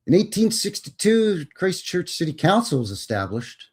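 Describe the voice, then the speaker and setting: A man's voice: high-pitched, sing-song, moderate pace, few pauses, a little mellow, slightly rough. A Canadian man hosting a livestream, reading history text aloud and adding folksy, wry asides. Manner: folksy, says "bud" and "eh". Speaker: livestream host. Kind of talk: casual commentary reading aloud.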